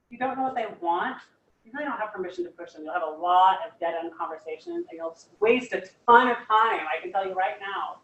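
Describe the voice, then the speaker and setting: A woman's voice: mid-range voice, lively intonation, fast, a bit bright, highs cut off, a little hiss or hum. Young woman hyped up talking to a room, lots of like and you guys, echoey, mic kinda far off. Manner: enthusiastic, chatty, fillers like "like" and "you guys". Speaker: guest speaker. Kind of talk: casual motivational talk.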